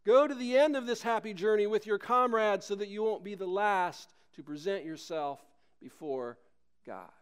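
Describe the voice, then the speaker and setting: A man's voice: high-pitched, normal speed, clear, resonant tone, close to an everyday voice. A man voicing a fierce, devout peasant mother who scolds insistently in a sermon story.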